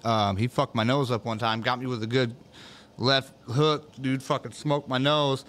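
A man's voice: mid-range voice, fairly even intonation, normal speed, fairly bright tone. A man hosting a casual chat show, telling rambling, profane stories full of fillers. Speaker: podcast host.

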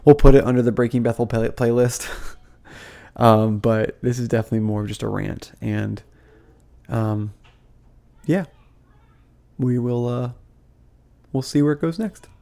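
A man's voice: mid-range voice, a little slow, vocal fry, long pauses, mellow. A young man giving casual, heated commentary to camera as a vlogger, full of fillers, restarts and frustrated asides. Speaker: vlogger, former ministry school student.

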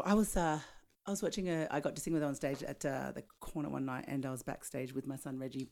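A woman's voice: very deep voice, steady tone, quick pace, creaky, darkish tone. A middle-aged Australian woman co-hosting a podcast in casual chat, giggly and rambling, often losing her place. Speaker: podcast co-host and singer.

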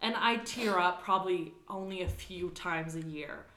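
Young female podcast co-host, bright and animated, roomy echo on the voice. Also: on the low side, moderate pace. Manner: chatty, animated storytelling with frequent "like". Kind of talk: casual podcast chat.

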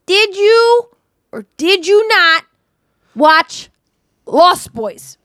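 A Canadian woman in her thirties co-hosting a podcast in animated, laughing, swearing banter. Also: extremely high pitch, very slow, long pauses, no room sound, clean studio sound. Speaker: podcast co-host. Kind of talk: casual banter.

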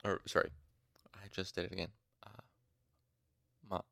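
Casual fan reader, man, gravelly, chatty asides. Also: sits low, brisk, pauses often, a bit bright, no echo. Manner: chatty asides, fixing pronunciations. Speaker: audiobook reader. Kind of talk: casual fan audiobook reading.

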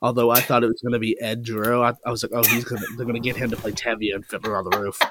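A man's voice: mid-range voice, level tone, very fast, very noisy. A young man hosting a casual podcast chat, rambling with many fillers and restarts. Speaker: podcast host.

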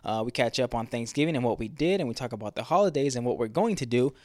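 A man's voice: mid-range voice, lively intonation, fast talker, darkish tone, no room sound, clean studio sound. A man co-hosting a casual fitness podcast as a trainer, rambling with lots of fillers like "you know" and "right".

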